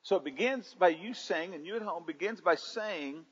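A man's voice: sits high, moderate pace, a bit bright, slightly rough. A pastor preaching a sermon, calling on his congregation to answer him back and rising and falling in intensity. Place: church sanctuary. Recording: dull livestream audio in a reverberant sanctuary.

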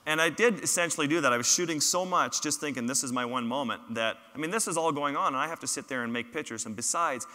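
A man with a bright, forceful voice tells his field stories to a lecture hall audience. His words ring out on a stage microphone with a long reverb trailing after them. His humor is self-deprecating. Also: fairly high pitch, fast, few pauses. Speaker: photographer giving a public talk. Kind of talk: storytelling lecture with slides.

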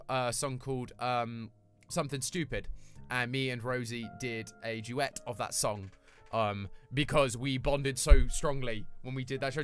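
A man's voice: medium pitch, a bit bright. A young British man chatting casually with his live chat as a streamer, rambling and friendly in a small home room. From Britain.

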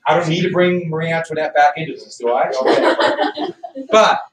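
A man teaching a history class, loud and animated, cracking jokes in a classroom. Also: on the high side, moderate pace, noisy background. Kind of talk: classroom lecture. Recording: echoey classroom from far off.

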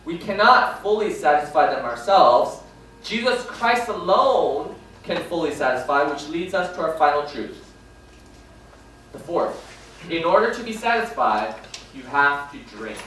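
High-voiced male pastor in an echoey hall. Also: sing-song, a little slow, a bit bright, a little hiss or hum. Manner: preaching with questions to the congregation, repeating key lines. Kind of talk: sermon. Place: large echoey church hall. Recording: echoey hall from far off with faint ambience.

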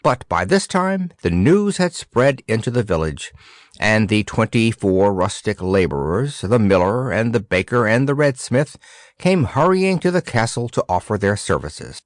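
Lively male storybook narrator. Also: lowish voice, measured pace, dry recording, clean studio sound. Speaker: audiobook narrator.

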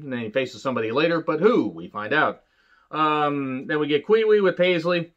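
A man giving a casual solo review of an old wrestling show. He talks bluntly and swears a lot, and he slips into quick mocking impressions of the people he describes. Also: a little high, expressive, fairly bright tone, dull audio.

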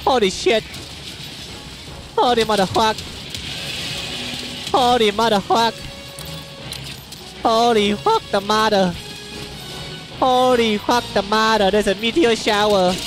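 A man streaming a video game live, shouting excited curses and taunts at the enemies. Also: high voice, takes it slowly, long pauses, rough recording. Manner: loud excited cursing and taunting. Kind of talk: live gameplay commentary. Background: game music.

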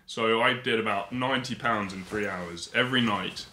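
A young man spins casual stories, acting out the people he quotes. His voice is bright and forward. He sits in an echoey room. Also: fairly low pitch, moderate pace, slight background noise. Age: 20s. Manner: lively storyteller who acts out quoted voices. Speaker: guest artist. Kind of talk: casual podcast storytelling.

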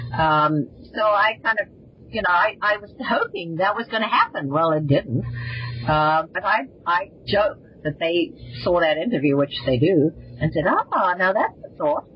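A woman's voice: low voice, fairly bright tone, a little hiss or hum, poor audio. An older woman with a South African accent, a former reality show contestant telling stories as a guest in a casual interview. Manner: chatty, rambling, quick to laugh.

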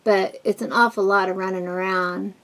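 A woman vlogger with a husky, smoky voice, chatting candidly at home while doing her makeup, rambling with many fillers and restarts. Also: mid-range voice, fairly even intonation, normal speed. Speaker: beauty vlogger. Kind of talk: casual get-ready-with-me chat.

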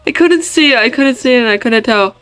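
A young woman giving casual commentary on her game, chatty and quick to get startled, talking to her viewers. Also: a little high, animated, fairly bright tone, smooth, dry recording. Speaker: gaming vlogger.

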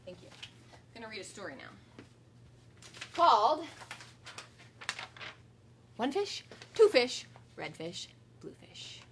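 A woman's voice: on the high side, wildly swooping pitch, slow, pauses often, a little hiss or hum. A woman teaching kindergarten in a home video lesson, recorded on a tripod camera. She speaks in a cheerful singsong teacher voice and turns firm when she corrects the children. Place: home room with a cluttered floor.

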